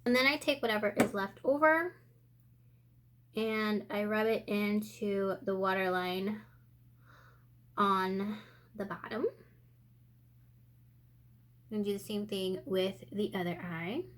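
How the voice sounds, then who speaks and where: A woman walks through her makeup routine in an unhurried, easygoing way, her voice at a middle pitch. She chats and thinks aloud as she works, sounding a little out of breath. The talk is casual and relaxed, like a home tutorial. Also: noisy background. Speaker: beauty vlogger. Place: indoor room with sunlight coming in.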